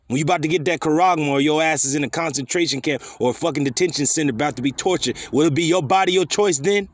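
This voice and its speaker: A man's voice: on the high side, fast talker. Scolding profane man preaching scripture. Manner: scolding, profane, rhetorical questions. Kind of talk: fiery scripture teaching.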